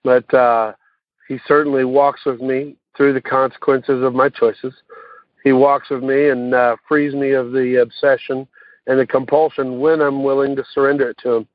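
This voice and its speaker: A man giving a personal recovery share, talking haltingly with many fillers and restarts. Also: mid-range voice, flat delivery, no echo. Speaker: recovery meeting speaker. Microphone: phone call. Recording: tinny phone line.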